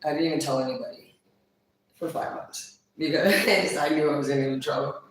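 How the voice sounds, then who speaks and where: A woman chatting casually on a livestream, blunt and profane, quick to laugh. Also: low voice, far from the mic. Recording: very echoey room, voice off-mic.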